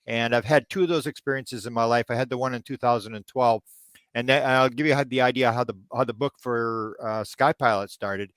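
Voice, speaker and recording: A man's voice: medium pitch, a little fast, no room sound. A man in his sixties from Canada, answering interview questions in a rambling way, with many restarts and hesitations. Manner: hesitant, frequent restarts and ums, then animated when retelling stories. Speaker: guest researcher.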